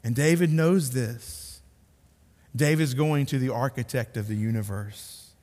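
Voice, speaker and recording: A man's voice: unhurried, a little mellow. Earnest male pastor in a reverberant hall. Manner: earnest, repeats words for emphasis, drops low to stress a point. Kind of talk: sermon. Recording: long reverb of a large hall.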